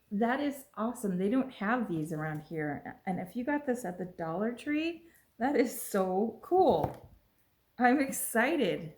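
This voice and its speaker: A woman's voice: mid-range voice, a little hiss or hum. Gushing woman unboxing in an echoey room. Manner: gushing, excited, exclaims often. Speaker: vlogger unboxing a package. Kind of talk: casual unboxing vlog. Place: at home with a pet.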